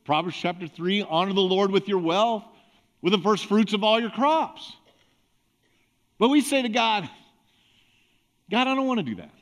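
A man pastor preaching a conversational sermon, acting out little everyday examples. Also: sits high. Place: church sanctuary.

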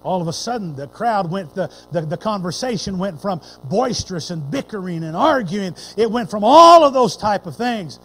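A man preaching a folksy, animated sermon that swings between loud declaring and hushed storytelling. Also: high-pitched, a little hiss or hum, low-quality recording. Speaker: pastor.

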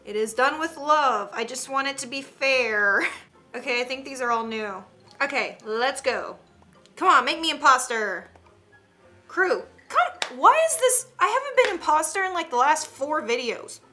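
A young woman with a lilt talks through an online game she streams from home. Her voice is bright and a little high, quick to gasp and giggle as she chats with her fans. Soft game music plays faintly behind her. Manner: excitable, chatty, quick gasps and giggles. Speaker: gaming streamer. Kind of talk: casual gameplay commentary.

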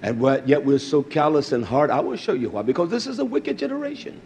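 A man preaching a fiery sermon, swinging from loud outbursts to low murmurs, with a husky voice. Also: big pitch swings, fairly quick, slight background noise.

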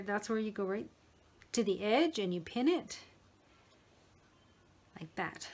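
A middle-aged woman explaining a sewing project step by step in a relaxed manner, talking while she works with her hands. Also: medium pitch. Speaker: sewing tutor. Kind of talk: step-by-step craft tutorial.

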